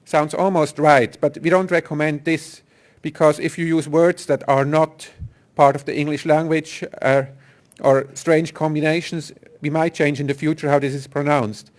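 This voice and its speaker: A man's voice: a little high, little pitch movement, moderate pace. A man giving a technical conference talk, explaining step by step with some fillers and restarts. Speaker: software engineer presenter.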